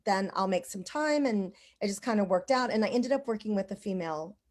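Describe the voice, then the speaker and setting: A woman's voice: medium pitch, expressive, fairly quick, a little mellow. A woman hosting a casual online conversation, telling stories in a rambling way with lots of "like" and "you know".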